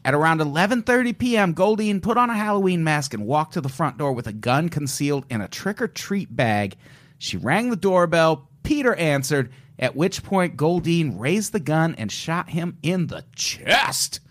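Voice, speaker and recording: Speaking at normal speed in a slightly high, highly animated voice, a man co-hosting a podcast recounts a crime story with jokes. At times he puts on an old-timey voice.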